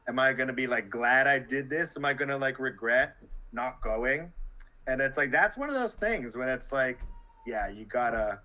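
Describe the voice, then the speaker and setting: Bright-voiced man, rambling casually. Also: mid-range voice, low-quality recording. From Canada. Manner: rambling, many "like"s and restarts. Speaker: podcast guest, journalist. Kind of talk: casual interview conversation.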